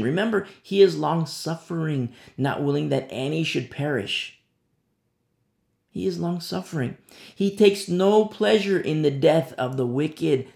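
Male preacher, gravelly, chatty storyteller, recorded in a reverberant room. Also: fairly high pitch, a little mellow. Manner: conversational storytelling with frequent "you know". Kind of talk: sermon.

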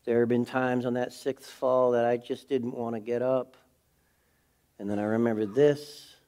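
Man, pastor, sermon, mid-pitched voice, earnest, confessional, hushed then fervent. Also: level tone, moderate pace. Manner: earnest, intimate and confessional, building to fervent preaching. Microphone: speaking to a camera.

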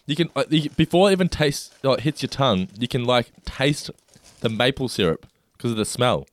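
A man's voice: medium pitch, lively intonation, normal speed, no echo. A man, co-hosting a casual snack taste test and describing each food with enthusiasm. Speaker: co-host.

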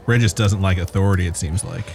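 Low-voiced man running a tabletop game. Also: quick pace, creaky, a little mellow, slight background noise. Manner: casual, swearing, laughing narration. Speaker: game master.

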